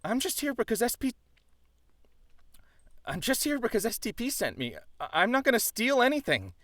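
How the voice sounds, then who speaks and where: A man's voice: very high voice, big pitch swings, a bit bright, dry recording, full character voice. An actor voicing a defensive young man who insists he is harmless, recorded as game voice-over takes on a studio mic. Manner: defensive, quick to deny.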